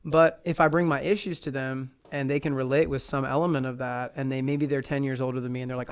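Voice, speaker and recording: A man's voice: medium pitch, little pitch movement, fast, hardly any pauses, clear, resonant tone. A man hosting a podcast in casual chat, talking loosely with lots of "like" fillers and laughing easily. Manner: loose and chatty, heavy on "like" fillers. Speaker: podcast host.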